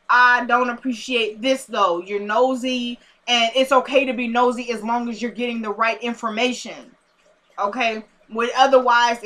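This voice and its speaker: Woman vlogger, sassy and animated, bright voice pitched a bit high. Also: slight background noise. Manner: animated, sassy, talks straight to viewers. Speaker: TV show reviewer. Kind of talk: casual vlog review chat.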